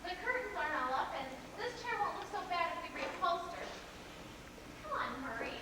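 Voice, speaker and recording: Woman playing an awkward earnest young lady, really high lively voice, far off in a big echoey hall. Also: brisk. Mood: eager. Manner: earnest, flustered and self-deprecating. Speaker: stage actor. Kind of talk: live stage play acting. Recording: echoey theater hall from far off, clear noise.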